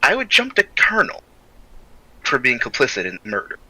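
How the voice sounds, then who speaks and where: A man plays a stoic, loyal young soldier in a tabletop game, his voice very bright and tense. He talks haltingly, hunting for names and clearing his throat, and the sound is close and dry with no room around it. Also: mid-range voice, huge pitch swings, no room sound, heavily acted, low-quality recording. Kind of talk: in-character tabletop role-play.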